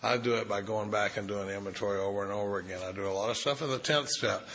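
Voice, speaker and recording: A man's voice: on the low side, fairly even intonation, quick pace, a bit bright. A middle-aged man telling candid, self-deprecating stories to a recovery group, speaking as a sponsor. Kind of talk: storytelling talk to a recovery group.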